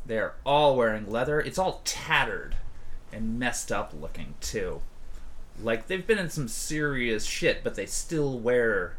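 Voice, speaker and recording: A male game master narrates a tabletop scene in a relaxed, unhurried way, filling gaps with pauses. His pitch is middling and his delivery stays casual throughout. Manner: laid-back, loose, frequent "uh" pauses.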